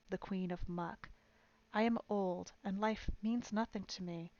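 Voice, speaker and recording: A woman voicing an ancient, withered old woman who loudly and scornfully denounces a queen. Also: fairly low pitch, dry recording, highs cut off, natural voice. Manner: yelling, scornful denunciation.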